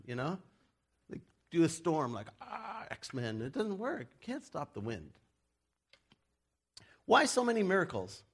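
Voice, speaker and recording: A man who is a pastor, preaching a casual, joking sermon in a church and acting out the people he quotes. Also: breathy edge. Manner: chatty and joking, acts out quoted people in loud high voices.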